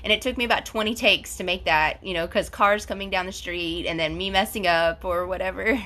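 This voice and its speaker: Forties woman host, effusive chatty livestreamer, bright forward tone. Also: on the low side, a little fast. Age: 40s. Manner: chatty and effusive, reads out comments. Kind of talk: casual live-stream chat.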